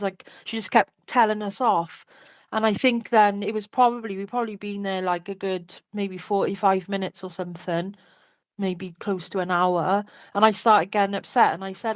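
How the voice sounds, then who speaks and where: A woman's voice: medium pitch, steady tone, normal speed, no room sound. Chatty woman telling her story. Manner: candid, chatty, many fillers like "like" and "you know". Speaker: interview guest. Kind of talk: personal storytelling in an interview.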